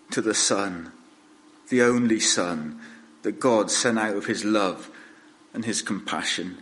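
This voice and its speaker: A man preaching a sermon in a measured, earnest way, with pauses between phrases. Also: fairly low pitch, a bit bright, poor audio.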